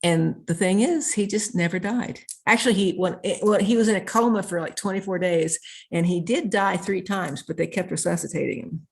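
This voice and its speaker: A woman's voice: lowish voice, normal speed, gravelly. A woman guest in an interview, telling a story earnestly and stringing her thoughts together with repeated "and". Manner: earnest, piles up clauses with repeated "and".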